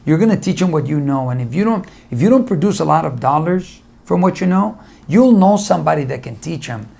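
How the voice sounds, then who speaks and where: A middle-aged man speaks as a motivational speaker, his voice sitting a bit high with a gravelly edge. He tells personal stories, acts out the conversations and drives his advice home by saying it again. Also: animated, a little fast, darkish tone. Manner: storytelling, acting out conversations, repeats advice for emphasis.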